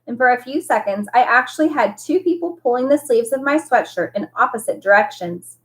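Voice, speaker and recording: A woman who teaches, reading a novel aloud with expressive storytelling. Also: on the high side, fairly quick.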